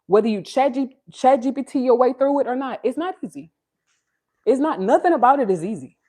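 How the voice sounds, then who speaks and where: A woman's voice: expressive, a little fast, mellow. Earnest woman livestreaming from home. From Texas, USA. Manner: earnest, preachy, talks straight to viewers; high sing-song baby talk to her child. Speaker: livestream host. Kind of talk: casual livestream chat. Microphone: phone.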